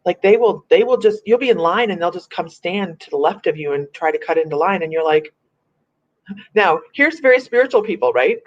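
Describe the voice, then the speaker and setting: A woman hosting a casual live-stream chat as a psychic medium, chatty and animated, laughing often. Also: fairly low pitch, fairly quick. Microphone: computer or phone on a live video stream. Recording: muffled lo-fi stream audio.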